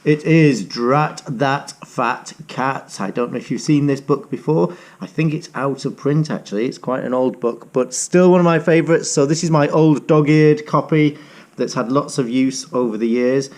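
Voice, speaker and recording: A middle-aged teacher reading a picture book aloud to young children, coaxing them to join in. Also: male voice, mid-range voice, moderate pace, darkish tone.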